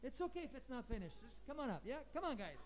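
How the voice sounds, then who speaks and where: Canadian guy teaching kids english, bouncy high voice, keeps saying come on up. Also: fast talker. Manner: lively, encouraging, calls students up. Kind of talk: classroom hosting with children. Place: school classroom.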